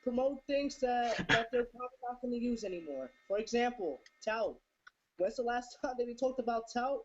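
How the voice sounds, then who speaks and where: A woman in a casual chat, explaining points in a measured way with frequent fillers. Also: fairly high pitch, expressive. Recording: dull lo-fi.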